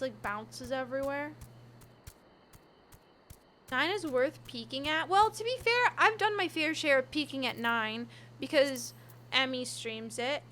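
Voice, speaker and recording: Tired young woman on a game stream, high-pitched, rambly and giggly. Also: sharp tone. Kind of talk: casual live-stream chat.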